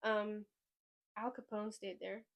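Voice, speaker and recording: A woman hosting a podcast in casual chat, rambling and excitable, often trailing off mid-sentence. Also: medium pitch, slow pace. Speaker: podcast host.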